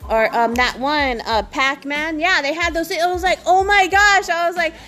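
A woman's voice: very high voice, moderate pace, sharp tone. A young woman telling a rambling story to the camera, full of fillers and frequent giggles. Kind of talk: casual storytelling.

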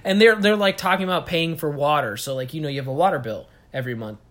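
Young woman with a low voice, rambling casual co-host who searches for words. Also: fast talker, fairly bright tone. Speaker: podcast co-host. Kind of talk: casual chat.

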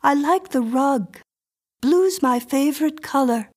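A woman voicing an eerie, composed little girl who speaks in a prim, flat, insistent way in a storybook reading. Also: sits high, slow pace, voice pushed up. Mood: cool.

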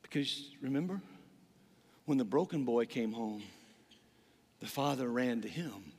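A man's voice: medium pitch, lively intonation, a little slow, a little mellow, in a large hall. A man preaching a sermon as pastor, telling a story with dramatic delivery and acting out the voices in it.

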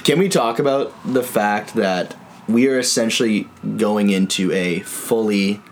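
A young man with a lowish voice, trading laid-back jokes with friends. He teases and swears casually, with no rush. A faint hiss runs underneath. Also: measured pace. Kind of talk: casual chat.

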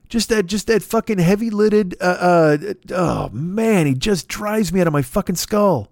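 A man's voice: expressive, measured pace, hardly any pauses, a little mellow, dry recording, clean studio sound. A man, the host, delivering a heated, profane comedic political rant. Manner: heated, profane, sweeping swings in pitch.

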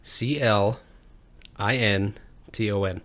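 Loud, profane male podcast co-host. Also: on the low side, takes it slowly. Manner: loud, profane, joking, laughs often. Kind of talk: casual crude banter.

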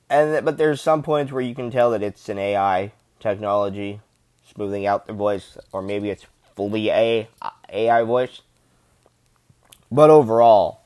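A man's voice: lowish voice, a little mellow, no echo. A man rambling in casual, enthusiastic fan commentary, gushing and swearing freely.

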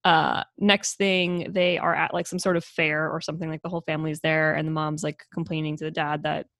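A woman with a somewhat low voice chats casually on a podcast, retelling a story and jumping up high to act out the characters. Her delivery is animated and loose, with casual swearing. The sound is dry and close. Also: fairly quick, dry recording. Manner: animated, acts out characters with big pitch jumps, swears casually. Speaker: podcast co-host. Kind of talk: casual chat recapping a film.

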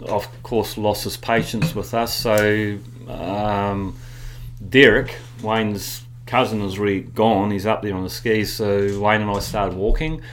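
A man's voice: on the low side, fairly even intonation, takes it slowly, slight background noise. A man, chatting through a personal anecdote as an interview guest and repeating words as he recalls. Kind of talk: casual anecdotal storytelling.

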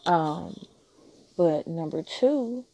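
A woman's voice: on the low side, lively intonation, very slow, vocal fry, warm tone, dry recording. A woman hosting a relationship advice podcast, talking frankly and teasingly in a casual monologue.

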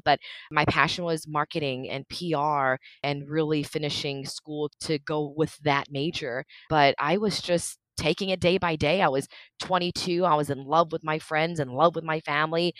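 A woman's voice: deep voice, fairly bright tone, dry recording. A woman in her thirties telling her own story as an interview guest, earnest and emotional, laughing often. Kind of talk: candid interview conversation.

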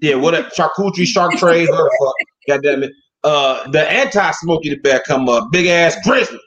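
A man hosting a casual, joking chat, animated and profane, who often acts out other people's voices. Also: a little high, a little fast. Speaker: podcast host. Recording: echoey dull lo-fi room.

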